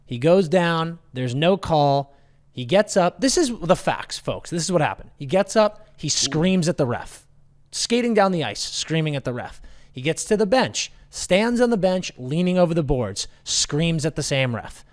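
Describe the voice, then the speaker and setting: A man's voice: fairly high pitch, sing-song, unhurried. A male podcast host with a mid-range voice who rants and swears freely. He tells stories in a blunt, casual way. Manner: profane, ranting storyteller. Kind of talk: casual chat.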